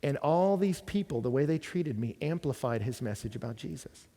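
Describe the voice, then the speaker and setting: A man delivers a sermon in a casual, storytelling manner, peppered with rhetorical questions. His voice sits at an ordinary middle pitch. It rings out with the long reverb of a large hall at a college gathering. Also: expressive, normal speed, mellow. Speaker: preacher.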